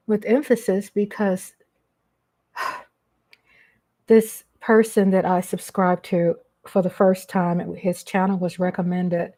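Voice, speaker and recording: A middle-aged woman chatting casually on a live stream, greeting viewers by name with warmth and affection. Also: mid-range voice.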